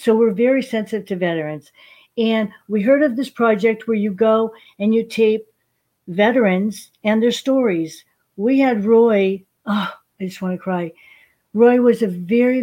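A woman's voice: medium pitch, a little mellow. An older woman, a veteran, who tells stories chattily as a podcast guest and calls people honey. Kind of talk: casual interview storytelling.

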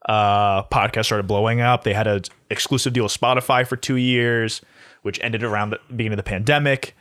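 A man's voice: fairly low pitch, fairly even intonation, a little fast, a bit bright, smooth, no echo, studio quality. A man co-hosting a podcast, chatting casually and recapping gossip with lots of filler words and swearing. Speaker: podcast co-host. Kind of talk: casual chat.

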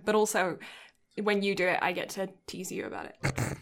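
A woman's voice: mid-range voice, animated, a little fast, a bit bright. A young woman co-hosting a podcast in casual chat, rambling with lots of fillers and giggles. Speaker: podcast co-host.

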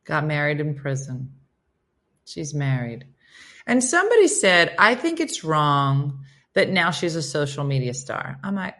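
A woman's voice: sits low, big pitch swings, unhurried, a bit bright. A woman hosting a casual livestream chat, reading and reacting to viewer comments with frequent laughter.

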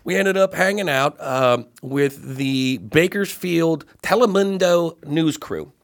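A man's voice: a little high, slow pace, creaky. A man, a guest comedian, telling a story on a podcast and acting out the voices in it. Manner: animated, acts out voices in his stories.

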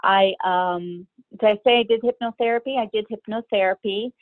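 A middle-aged woman telling her own story as an interview guest, hesitant and pausing often between her thoughts. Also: medium pitch, no room sound. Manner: hesitant, many pauses and fillers. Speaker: guest sharing personal story. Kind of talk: candid personal storytelling. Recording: tinny phone-like line, dry.

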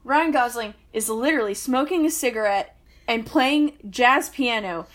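A woman co-hosting a podcast in casual chat, animated and giggly, quick to laugh. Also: a little high. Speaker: podcast co-host.

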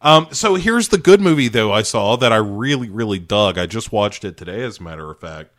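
An American man co-hosts a podcast, chatting casually about movies in a rambling, wry manner and breaking into laughs. His voice is on the low side and a bit bright, with lively intonation and a brisk pace.

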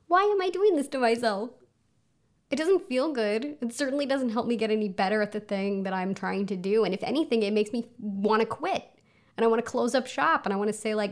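Speaking fairly quickly in a higher register, a woman hosts a casual solo podcast from her home, which sits under a flight path with planes passing overhead. She's chatty and self-mocking, and her speech is full of fillers.

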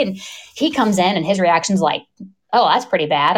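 Animated woman in her thirties. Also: medium pitch, fairly quick. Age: 30s. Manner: animated storyteller, acts out voices, laughs often. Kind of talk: casual conversation.

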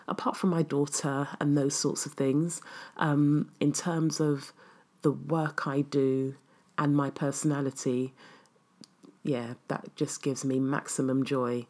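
A woman's voice: rumbling low, a little mellow. A woman wellness coach answering viewer questions in a casual, reflective and earnest way, with frequent ums. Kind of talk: casual live Q&A.

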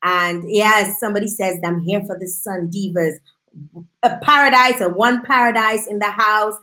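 A woman hosting a live streamed music talk show, chatty and repetitive, giving shout-outs to viewers. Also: mid-range voice, normal speed, rough recording.

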